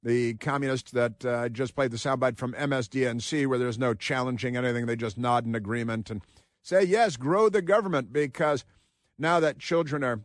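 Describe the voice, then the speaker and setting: Talk radio host, male, mid-pitched, close dry studio sound, sarcastic and combative. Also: steady tone, moderate pace, no room sound. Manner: combative, sarcastic, mocking asides. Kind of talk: opinionated talk radio monologue.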